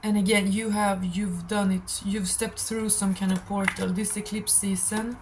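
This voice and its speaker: A nervous woman reads tarot for her viewers, her voice shaky as she speaks with blunt, impassioned feeling. She calls her listeners darling and swears freely. Her pitch sits in a middle range, with a faint hiss of noise underneath. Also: flat delivery, normal speed. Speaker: tarot reader. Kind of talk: channeled tarot reading to viewers.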